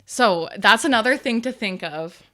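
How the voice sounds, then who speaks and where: A woman co-hosting a podcast as a wedding photographer, chatting casually with lots of "like" and quick agreement. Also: fairly high pitch. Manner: animated, filler-heavy, agreeable. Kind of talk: casual chat.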